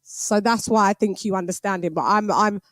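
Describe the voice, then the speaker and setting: A woman from London with a London accent, hosting a casual interview, chatty, agreeable and quick-spoken. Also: mid-range voice, a bit bright, dry recording. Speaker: host.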